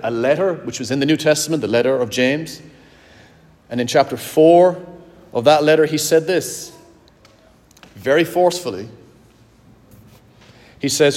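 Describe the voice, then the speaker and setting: A pastor preaching a sermon to his congregation, earnest and direct, slowing down to stress key words. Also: fairly high pitch, darkish tone. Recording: long hall reverb.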